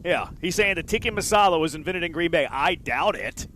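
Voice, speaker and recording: A man's voice: fairly high pitch, lively intonation, fairly quick, fairly bright tone, a little hiss or hum, poor audio. A man hosting a sports radio show, bantering with his co-hosts and reading listener texts with a teasing, joking manner.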